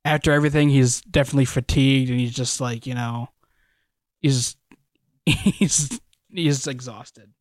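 A man playing a tabletop game, relaxed and a bit hesitant as he describes what his character does. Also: mid-range voice, a little slow, no room sound, studio quality. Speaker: player.

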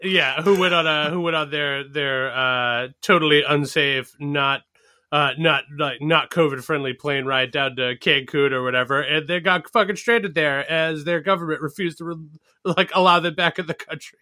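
A man's voice: fairly high pitch, normal speed, bright, forceful tone. A man co-hosting a podcast, chatting casually in a mocking way, with laughs and stumbling restarts. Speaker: podcast co-host. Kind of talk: casual political banter.

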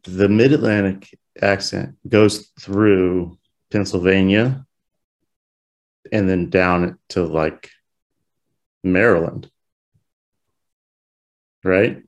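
A man's voice: deep voice, fairly even intonation, very slow, long pauses. A man co-hosting a podcast in casual chat, joking and profane. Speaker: podcast co-host.

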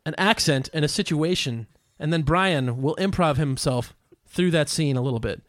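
A man's voice: fairly high pitch, moderate pace, no room sound, studio quality. A man hosting a podcast, enthusiastically hyping his co-host and playfully ranting. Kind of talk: casual comedic banter.

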